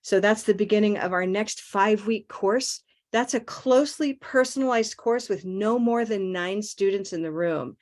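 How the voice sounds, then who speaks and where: A woman's voice: medium pitch, normal speed, few pauses. A woman teaching an online English pronunciation class, encouraging and checking in with "okay?" as she goes. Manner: warm, checks in with frequent "okay?".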